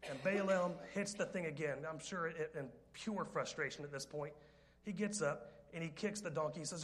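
A man's voice: on the high side, normal speed. A man preaching a sermon, telling a story with jokes, rambling asides and direct questions to the congregation. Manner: lively, joking, rambling with asides.

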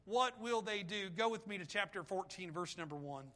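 A man's voice: sits high, animated, moderate pace, fairly bright tone. A man preaching a sermon as pastor, impassioned and pleading, full of rhetorical questions.

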